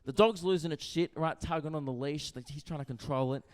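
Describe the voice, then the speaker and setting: A man's voice: fairly high pitch, a little fast, smooth. Brash young man doing stand-up. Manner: brash, conversational, keeps asking "right?". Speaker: stand-up comedian. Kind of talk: stand-up routine. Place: comedy venue stage. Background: audience laughter.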